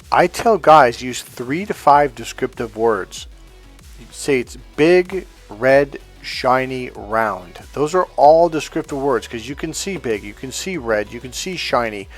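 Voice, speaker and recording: A man's voice: mid-range voice, animated, slow pace, soft background music. A man coaching other men on dating in a blunt, profane, casual monologue, acting out quotes as he goes.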